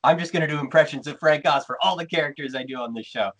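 A man hosting a podcast in relaxed, casual chat. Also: on the high side, quick pace. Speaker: podcast host. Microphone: headphones, podcast mic.

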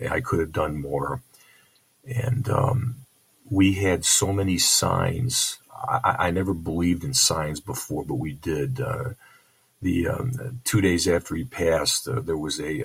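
Older man, deep husky voice, halting grieving testimony full of restarts. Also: low-quality recording. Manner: halting, with frequent restarts and repeated words; earnest and heavy with grief. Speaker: bereaved father telling his story. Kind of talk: personal testimony.

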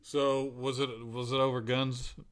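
A man co-hosting a podcast, talking loosely and rambling as he moves the show along. His voice sits at a middle pitch and sounds relaxed and casual. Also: moderate pace. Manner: loose, rambling, steers segments. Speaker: podcast co-host. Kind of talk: casual chat.

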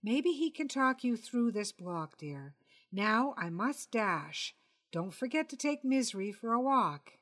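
A woman's voice: fairly high pitch, sing-song, a little slow, fairly bright tone, voice pushed up, full character voice. A woman voicing a distracted wife who speaks in an offhand, dismissive, teasing way.

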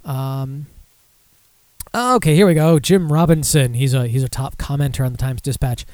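A man's voice: medium pitch, moderate pace, a little mellow, no room sound. A man hosting a podcast, reading news aloud in a loose, casual way with profane, sarcastic asides. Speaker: podcast host.

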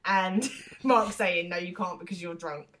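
Woman podcast co-host, low-set voice, laughs a lot while retelling scenes. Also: measured pace, fairly bright tone. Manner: laughs often, acts out quotes. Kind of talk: casual chat recapping a show.

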